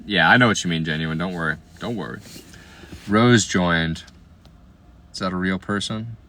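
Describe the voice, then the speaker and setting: There's a little hiss or hum behind this Iowa streamer in his late twenties, who chats through viewer comments at a moderate pace. His voice sits a bit low but sounds bright and forward, and he's playful and slangy, frequently lowering into quiet asides.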